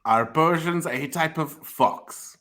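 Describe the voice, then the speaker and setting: A man playing a tabletop game, speaking in character as a zealous knight in a deadpan way. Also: on the high side, takes it slowly. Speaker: player. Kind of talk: in-character tabletop role-play.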